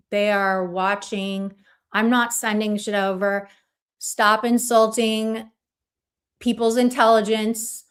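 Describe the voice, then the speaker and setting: A woman streamer rants at her chat in a blunt, combative way, swearing freely. Her voice sits fairly high and her pace is slow and deliberate, words spaced out. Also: a bit bright, clean tone. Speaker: livestream host. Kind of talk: ranting casual stream chat.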